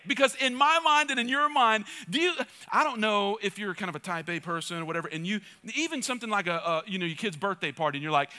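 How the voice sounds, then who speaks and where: A man's voice: sits high, expressive, quick pace, hardly any pauses, pushed and bright. A male pastor preaching a sermon with energy, joking asides and calls to the congregation. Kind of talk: church sermon.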